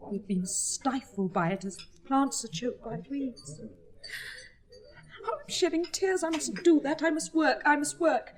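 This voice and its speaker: A woman's voice: high voice, darkish tone, lightly acted. An actress playing an earnest, melancholy young woman of twenty who speaks plaintively, in a 1960s recorded stage drama. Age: 20s. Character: earnest, melancholy twenty-year-old sister.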